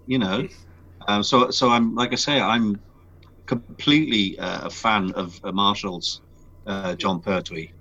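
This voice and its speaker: A voice actor guest chatting in an interview, telling stories with animated excitement. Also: male voice, fairly low pitch, unhurried, dull audio. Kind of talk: casual interview chat.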